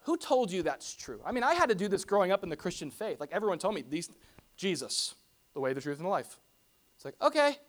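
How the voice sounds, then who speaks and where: A pastor giving a conversational sermon to a congregation, animated and full of rhetorical questions and casual asides. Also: mid-range voice, quick pace. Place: church hall before a congregation.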